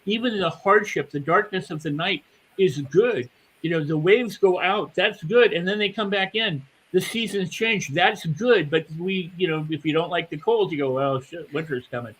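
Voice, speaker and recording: An older man speaking as a mindset coach on a panel, animated and acting out the inner voices of his listeners. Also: high voice, normal speed, breathy edge, low-quality recording. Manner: animated, acts out inner voices, repeats words. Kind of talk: motivational panel talk.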